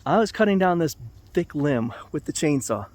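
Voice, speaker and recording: A man's voice: on the high side, expressive, moderate pace, darkish tone. A middle-aged man vlogging, telling a casual, rambling story to the camera. He corrects himself as he goes and chuckles at his own mishaps.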